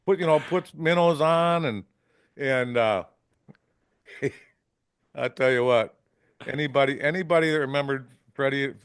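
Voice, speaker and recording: A man's voice: medium pitch, measured pace, long pauses, clean tone, no room sound, studio quality. A man from Wisconsin, a fishing guide, telling rambling stories on a podcast, often ending lines with "right?" and acting out salty quotes. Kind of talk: casual storytelling. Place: podcast studio.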